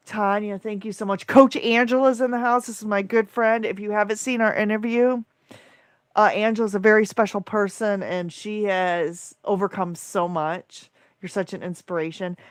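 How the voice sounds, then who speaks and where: A tired woman hosting a livestream, reading out viewer comments in an excitable, emotional rush. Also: mid-range voice, no echo. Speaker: livestream host and coach. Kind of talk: live-stream chat reading viewer comments.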